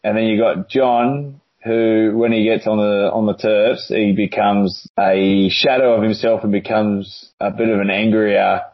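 An Australian man, a former rugby league player, telling stories in a relaxed, rambling interview with plenty of fillers. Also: lowish voice, a little slow, few pauses. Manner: laid-back, rambling with many "uh" fillers. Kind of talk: casual storytelling interview. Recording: dull lo-fi audio.

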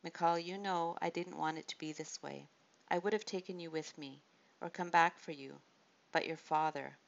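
A commanding king, read by a low-voiced woman. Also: fairly even intonation, gravelly. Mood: firm. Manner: firm, measured. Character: proud adult male king, commanding. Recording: dull lo-fi audiobook recording.

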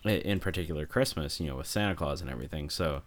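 A man's voice: rumbling low, quick pace. A man in casual chat, laid-back and wry, telling a story.

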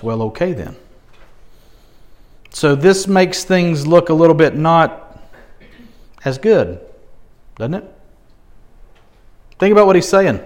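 Man, preacher, high voice, expressive sermon, rhetorical questions, emphatic swells. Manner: expressive, rising to emphatic peaks and dropping low. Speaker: pastor.

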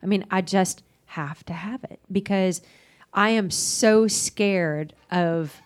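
A woman's voice: mid-range voice, slow, smooth. A middle-aged woman who hosts the podcast and works as a counselor, speaking earnestly and emphatically. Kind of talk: casual podcast conversation.

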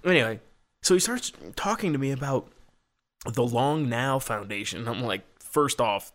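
A man's voice: medium pitch, very animated, moderate pace, fairly bright tone. A man telling a story in casual chat, rambling and swearing, with lots of "like" fillers. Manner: rambling, profane, heavy use of "like".

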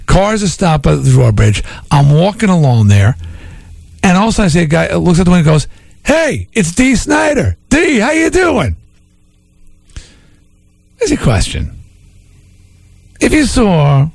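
A middle-aged Long Island man, a radio host, spins rambling stories full of restarts in casual talk-radio chat. His voice is a little high, gravelly and a little mellow, with a breathy edge, on a dry recording.

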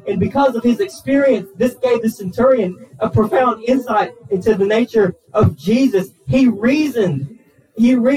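A man's voice: high voice, darkish tone, recorded from a distance, rough recording. A man, a pastor preaching a sermon in a church, talking earnestly and often restarting and repeating words. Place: church sanctuary.

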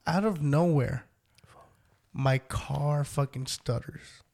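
A man's voice: fairly high pitch, slow pace, creaky, a little mellow. A man co-hosting a podcast, telling a profane story in casual chat and acting out his own lines. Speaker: podcast co-host.

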